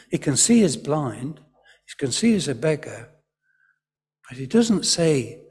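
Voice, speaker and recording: A man preaching a storytelling sermon at an all-age church service, gently guiding the congregation to join in. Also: a little high, slightly rough. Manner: gentle storyteller, leading the congregation in call-and-response. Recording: long church hall reverb.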